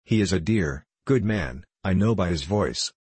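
Male reader voicing a trusting girl: soft, eager, low husky tone. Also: lively intonation, unhurried, dry recording, full character voice. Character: gentle trusting young girl.

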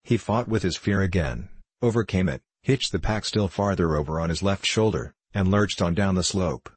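A man narrating a story in a measured, even storytelling manner. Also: low voice, slightly rough, no room sound. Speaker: audiobook narrator. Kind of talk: scripted narration.

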